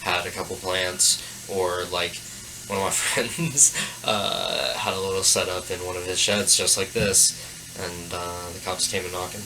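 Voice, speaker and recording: A young man guests on a podcast, chatting casually but hesitantly, full of fillers and restarts. His voice sits low, fairly even and unhurried, on a rough recording with faint background noise.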